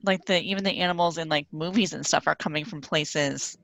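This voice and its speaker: A woman's voice: low-pitched, a little fast, vocal fry, a bit bright. A woman co-hosting a podcast, talking things through thoughtfully and laughing often. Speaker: podcast co-host. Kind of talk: casual chat about a comic.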